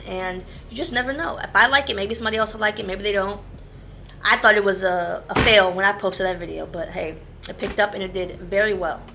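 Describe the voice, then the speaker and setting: Fast-talking bright-voiced woman vlogger. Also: mid-range voice, a little hiss or hum. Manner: fast-talking, chatty, self-aware about speed. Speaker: online shop owner. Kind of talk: casual explainer vlog.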